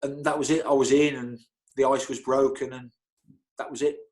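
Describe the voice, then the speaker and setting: A man's voice: mid-range voice, normal speed. Man telling stories with chuckles and restarts. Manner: animated, stumbling restarts, chuckles through his stories. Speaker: football club physio, interview guest. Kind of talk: casual anecdotal storytelling.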